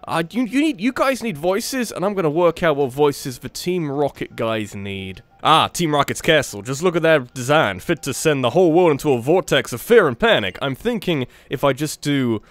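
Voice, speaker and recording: A man hosting a let's play who chats through the game in a rambling way, often restarting his sentences. His fairly high voice leaps all over the place. The recording is dry and close, with no room behind him. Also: moderate pace, few pauses, no echo. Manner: animated, rambling, self-interrupting. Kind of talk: casual gameplay commentary.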